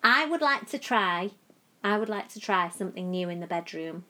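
A woman's voice: mid-range voice, expressive, normal speed, sharp tone. A woman, co-hosting a podcast in playful, giggly casual chat. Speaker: podcast co-host. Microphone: podcast mic with headphones.

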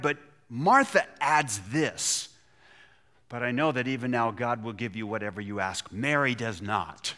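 A man's voice: mid-range voice, animated, moderate pace, sharp tone. A man preaching a sermon, retelling a scripture story and acting out the quotes with feeling. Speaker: pastor.

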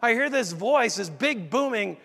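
Animated pastor preaching in a large church. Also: male voice, very high-pitched, unhurried, vocal fry, husky. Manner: animated, conversational, addresses the congregation directly. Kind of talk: sermon storytelling. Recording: echoey church hall.

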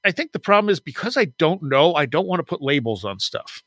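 Slightly high and sing-song, his voice moves a little fast with a bit of brightness, and the recording is dry. The man, a podcast guest who writes and researches the paranormal, tells stories in a relaxed, chatty way during the interview, laughing a lot and acting out what people said.

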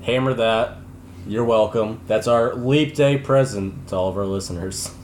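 A young man co-hosting a casual sports podcast, bantering and boasting in quick joking back-and-forth. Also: fairly low pitch, a little mellow. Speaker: podcast co-host. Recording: roomy, faint background hum.

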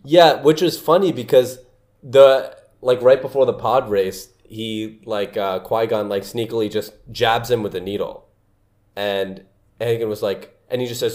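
A man's voice: on the low side, normal speed, a little mellow. A young man in casual chat as a podcast co-host, rambling, restarting his sentences and laughing often.

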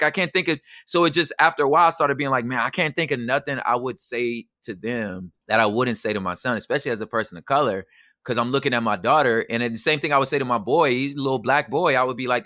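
A bright, forceful male voice with a dry, close sound. He talks as an interview guest in an animated, slangy way. He keeps checking that his listener follows him. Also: mid-range voice, no room sound. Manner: animated, slangy, keeps asking "you know what I'm saying". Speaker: poet and emcee. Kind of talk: casual interview conversation.

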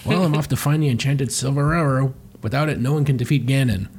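A man's voice: medium pitch, fast talker, darkish tone, husky. A man reading the lines of a stern, proud male warrior archer in a lofty, condescending tone. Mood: haughty.

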